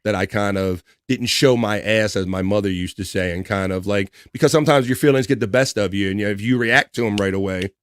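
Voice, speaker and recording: His voice sits low, smooth and brisk, with few pauses and no echo. He's a middle-aged livestream host reading viewer comments casually, upbeat and chatty, with frequent laughs.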